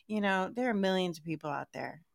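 Animated, laughing woman telling stories. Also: medium pitch, brisk, vocal fry. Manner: animated storyteller, laughs often. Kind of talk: casual chat.

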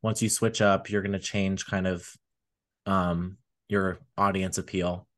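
A man's voice: low-pitched, level tone, unhurried, a bit bright. A man co-hosting a podcast, chatting casually and rambling with lots of fillers. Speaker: podcast co-host. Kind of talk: casual chat.

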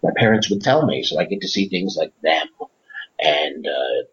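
A man's voice: rumbling low, lively intonation, moderate pace, fairly bright tone. A man guesting on a podcast, telling rambling, enthusiastic stories with lots of fillers and restarts. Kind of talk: casual interview chat. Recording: dull lo-fi audio.

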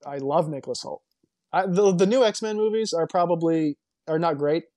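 Man, podcast co-host, slightly high voice, dry close sound; chatty and opinionated. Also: moderate pace, dark tone, no echo. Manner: rambling, emphatic, full of restarts and opinions. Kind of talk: casual movie podcast chat.

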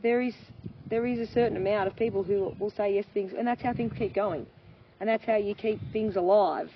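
A woman, a farmer and mother speaking candidly as an interview guest, animated and laughing often as she acts out quoted voices. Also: medium pitch, a little fast. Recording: dull lo-fi sound with faint noise.

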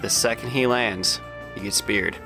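A man's voice: lowish voice, a little slow. Male tabletop player, hesitant stammering delivery, faint music behind. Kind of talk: casual tabletop play.

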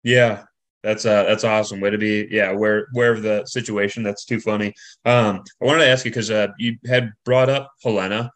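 A man co-hosting a hockey podcast, asking relaxed questions full of fillers. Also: on the low side, brisk. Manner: relaxed, easy laughter, filler-heavy questions. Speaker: podcast co-host. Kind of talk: casual interview chat.

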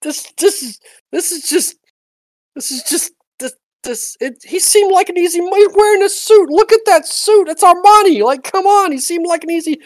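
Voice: very high-pitched, lively intonation, normal speed, no room sound, voice pushed up. A game master voicing a panicked male street mugger who stammers and whines. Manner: frantic, stammering, whiny.

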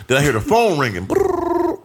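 A man's voice: medium pitch, animated, fast talker, fairly bright tone, slightly rough. A young man casually telling a profane, slang-heavy story on a podcast.

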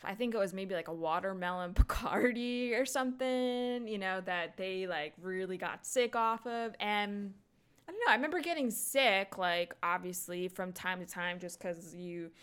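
A young adult woman hosting a podcast, talking casually in a rambling, animated way with lots of fillers and laughs into a microphone. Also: mid-range voice, moderate pace, smooth. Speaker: podcast host. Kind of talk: casual solo chat.

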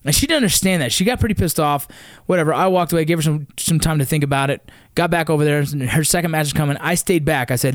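A man's voice: a little high, fast, dry recording, clean studio sound. A middle-aged man, a father, telling a heated, profane story about his kids' sports in a blunt casual way. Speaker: father of wrestling kids.

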